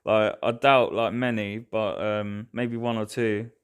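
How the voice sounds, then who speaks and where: A man's voice: lowish voice, flat delivery, measured pace, clear, resonant tone. A man hosting a reaction video, chatting casually with lots of fillers and restarts.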